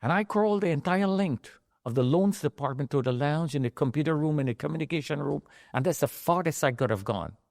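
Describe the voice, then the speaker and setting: A man's voice: a little high, expressive, a little fast, creaky, hardly any pauses, a little mellow, no echo. Man dramatically recounting survival, dry sound. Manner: emotional, dramatic retelling with raised pleading outbursts. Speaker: survivor telling his story. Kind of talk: personal testimony.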